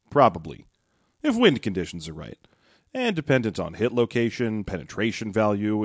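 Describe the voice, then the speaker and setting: A man hosting a comedy podcast, talking in lively swoops of pitch and jumping from one silly bit to the next. He sits close to the mic in a dry room with no echo. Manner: jokey, rambling, jumps into silly bits. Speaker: podcast co-host. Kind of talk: casual comedic podcast banter.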